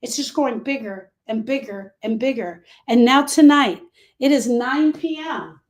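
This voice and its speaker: Slightly high and a little mellow, the voice belongs to a woman hosting a grief podcast. Her talk is heartfelt and motivational, delivered as emphatic, conversational storytelling where phrases get repeated for emphasis.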